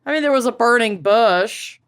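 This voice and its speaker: A woman co-hosting a podcast, making quick deadpan wisecracks in casual chat. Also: a little high, clear, resonant tone. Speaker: podcast co-host.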